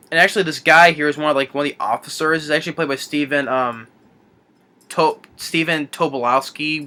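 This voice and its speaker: A man recapping a favorite comedy film in a casual, rambling way, with many restarts and fillers and acted-out movie lines. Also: bright, forceful tone. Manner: acts out movie lines in a higher voice. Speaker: film reviewer.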